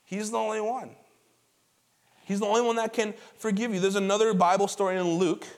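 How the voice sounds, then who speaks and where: Pastor, male, high-pitched, conversational sermon delivery, animated storyteller repeating words for emphasis. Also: fairly quick. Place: church auditorium before a congregation.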